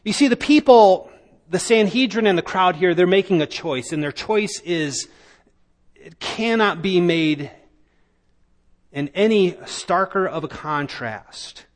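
A man preaching a sermon, emphatic and building to loud declamation. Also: high voice, lively intonation, measured pace. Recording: long reverb of a large hall.

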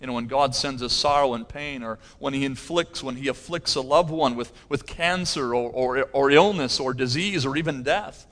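A man's voice: mid-range voice, moderate pace, hardly any pauses, fairly bright tone. Earnest man preaching a sermon. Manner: earnest preaching, rising in intensity on key phrases. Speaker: pastor.

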